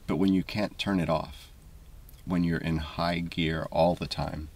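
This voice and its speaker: A man with a very low, gravelly voice reads a scripted essay in a calm, even, measured way. His tone stays flat and husky, and he sounds a little far from the mic. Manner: calm, measured, deliberate delivery. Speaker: video essay narrator. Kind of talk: scripted voice-over narration.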